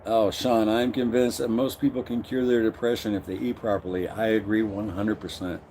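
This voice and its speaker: A man's voice: fairly low pitch, fairly even intonation, normal speed, darkish tone, slight background noise. A middle-aged man hosting a casual live stream, greeting viewers by name and reading their comments aloud.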